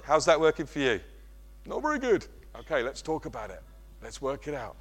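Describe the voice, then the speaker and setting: A middle-aged man preaching a sermon, animated and self-mocking. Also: on the high side, a little fast, husky. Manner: animated, self-mocking, acts out kids' voices. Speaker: pastor.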